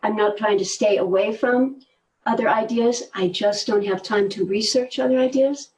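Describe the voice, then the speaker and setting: An older woman telling stories in a relaxed conversation, animated and laughing often, often trailing off mid-sentence. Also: medium pitch, moderate pace, recorded from a distance, rough recording. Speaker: guest, movement teacher. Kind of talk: conversational storytelling.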